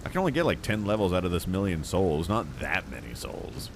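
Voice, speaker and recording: A man's voice: deep voice, sing-song, a little fast, background noise. A man streaming a video game, chatting casually in a jokey, rambling way and muttering to himself as he plays. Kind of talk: casual gameplay commentary.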